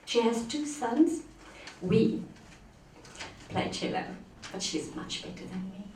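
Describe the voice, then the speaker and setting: A woman introduces the next reader in a relaxed, chatty way at an unhurried pace. The sound is distant and roomy, with faint background hum. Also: on the high side. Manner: relaxed, chatty, laughs easily. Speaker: event host. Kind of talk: introducing a speaker. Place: bookshop. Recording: roomy, from far off the mic.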